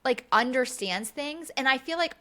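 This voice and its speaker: A woman's voice: high-pitched, expressive, moderate pace, pushed and bright. A woman co-hosting a podcast, a mother telling casual stories, swearing freely and acting out what people said. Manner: chatty storyteller, swears freely, acts out quotes. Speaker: podcast co-host; mother of several kids. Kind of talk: casual chat recapping reality TV.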